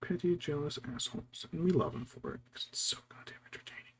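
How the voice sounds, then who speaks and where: A man, a VTuber, chatting casually and telling stories while painting miniatures, slipping into quiet whispers and quick mock voices. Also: a little high, expressive. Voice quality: gravelly and husky. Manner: storytelling, doing brief mock voices for his wife and cats; often drops to a quiet whisper.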